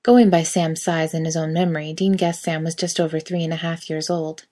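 A woman reading a piece of fiction aloud in a steady storytelling manner. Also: deep voice, brisk. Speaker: reader. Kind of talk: audiobook reading of fan fiction.

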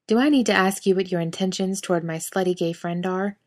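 A woman voicing a brash, crude young man who talks loudly and rudely in a storybook reading. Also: on the low side, brisk, close to an everyday voice. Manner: loud, crude, blustering.

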